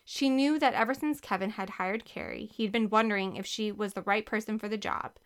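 A woman narrating a children's storybook with a lively, expressive reading. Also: medium pitch, brisk, smooth. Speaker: audiobook narrator.

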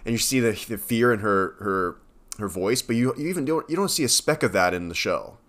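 A man's voice: on the low side, expressive, fairly quick, fairly bright tone. A man co-hosting a podcast, chatting casually with many fillers and self-corrections. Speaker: podcast co-host. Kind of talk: casual chat.

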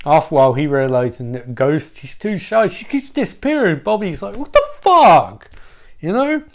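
A man's voice: fairly high pitch, fairly quick, darkish tone. A man retelling a comic story in a rambling, profane, loose way.

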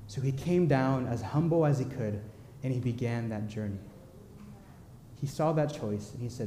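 A young man preaching a sermon, telling stories in an animated, joking way. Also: medium pitch, moderate pace, a little hiss or hum. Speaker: pastor. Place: church. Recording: echoey church hall.

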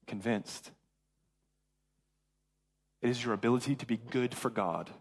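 A man's voice: on the low side, slightly rough. A young man preaching a sermon as pastor, retelling a Bible story in casual slang and acting out the characters' lines. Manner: animated storytelling with acted-out voices and casual slang.

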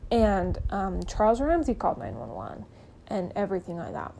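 A woman hosts her own podcast and talks through a case in a loose, conversational way, filling her sentences with "like" and "um." Her voice sits at a middle pitch with a warm, mellow tone. She slips into the voices of the people she quotes as she tells it. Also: huge pitch swings, moderate pace, gravelly, a little hiss or hum, rough recording. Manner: chatty, peppered with "like" and "um". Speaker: podcast host. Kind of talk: casual true-crime storytelling.

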